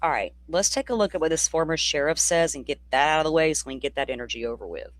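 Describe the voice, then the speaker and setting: A true crime host from the Deep South, talking in a loose, rambling livestream chat that is blunt, profane and sardonic. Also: animated, fast talker, no echo. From Florida, near the Alabama state line. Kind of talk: casual livestream commentary.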